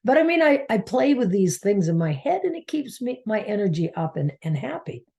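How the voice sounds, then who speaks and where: A Maine woman, a spiritual coach who hosts a channel, rambles through a heartfelt personal story, at times falling almost to a whisper. Her medium-pitched voice is gravelly and warm, very animated, and moves at a normal speed.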